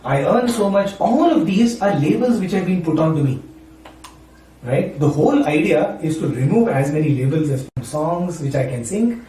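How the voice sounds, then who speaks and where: Brief man, devotional speaker, chatty and talkative, slightly higher voice, picked up from a distance in a very echoey room. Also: animated, normal speed, dark tone, a little hiss or hum. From Maharashtra, India. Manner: chatty, frequent "right?" and "you know". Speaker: spiritual speaker and university teacher. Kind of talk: informal devotional talk.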